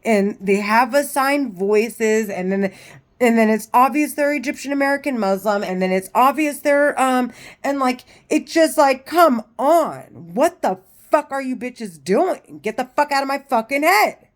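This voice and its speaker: A woman's voice: high-pitched, animated, normal speed. A woman vlogging in a rambling, agitated monologue full of profanity and restarts.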